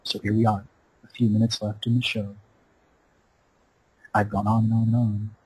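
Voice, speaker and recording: Male host, gravelly-husky, slightly low voice, chanting spiritual monologue, dry close sound. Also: level tone, normal speed, darkish tone, no echo, poor audio. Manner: incantatory, repetitive, preaching cadence. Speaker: radio show host. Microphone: Skype call.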